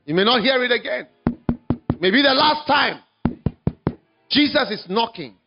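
A man preaching an evangelistic sermon, telling a story dramatically, swinging from hushed to shouting. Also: very high voice, expressive, measured pace, muffled recording, music in the background.

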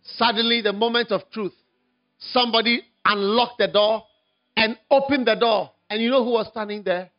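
A man preaching an evangelistic sermon, telling a story dramatically, swinging from hushed to shouting. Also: high-pitched, fairly even intonation, normal speed, highs cut off, soft background music.

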